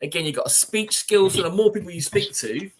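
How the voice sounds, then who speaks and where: A man's voice: sits high, lively intonation, a little fast, slight background noise. A man co-hosting a podcast, chatting casually and rambling with lots of "you know". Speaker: podcast co-host.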